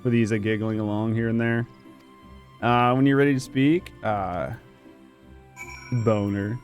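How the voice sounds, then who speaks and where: A man's voice: lowish voice, fairly even intonation, measured pace, highs cut off, soft background music. A man streaming a game, talking loosely and jokingly, swearing now and then and reading game text aloud. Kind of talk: casual let's-play commentary.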